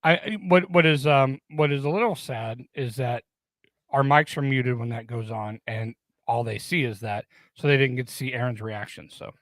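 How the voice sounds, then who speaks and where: A man's voice: medium pitch, moderate pace, no echo. A man co-hosting a podcast in casual chat, teasing his friends and restarting his sentences often. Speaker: podcast co-host.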